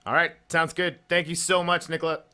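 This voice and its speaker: A man's voice: a little high, flat delivery, a little fast, pushed and bright, clear, resonant tone. A man hosting a podcast, chatting casually, laughing often and stumbling over his words. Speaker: podcast host. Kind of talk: casual chat.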